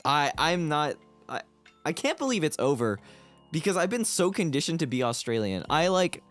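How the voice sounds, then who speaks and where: A man's voice: a little high, big pitch swings, normal speed, fairly bright tone, soft background music. An American man streaming as a VTuber, chatting casually, laughing often and joking in a put-on Australian accent. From United States.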